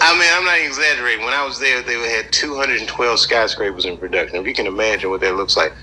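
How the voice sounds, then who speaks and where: A man's voice: medium pitch, quick pace, noisy background. A man doing a stand-up routine, telling loose stories and chatting with the crowd. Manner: loose storytelling with crowd work. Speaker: stand-up comedian. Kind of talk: stand-up routine played in a reaction video.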